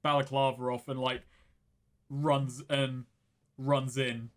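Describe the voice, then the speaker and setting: A man's voice: medium pitch, level tone, takes it slowly. A man playing a tabletop game, describing his character's actions in a casual, rambling way and laughing often. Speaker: player. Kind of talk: tabletop game actual play.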